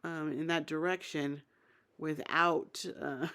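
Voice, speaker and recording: A woman's voice: low voice, steady tone, takes it slowly, sharp tone. A woman giving a casual, opinionated spoken recap of a reality TV episode, thinking aloud as she goes. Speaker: TV show recap reviewer.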